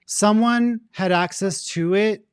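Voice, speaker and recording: A man giving psychic readings on a live stream, chatty and animated, laughing easily. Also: sits high, slow pace, clear, resonant tone, no echo, clean studio sound. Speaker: psychic reader, co-host. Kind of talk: live reading, casual chat.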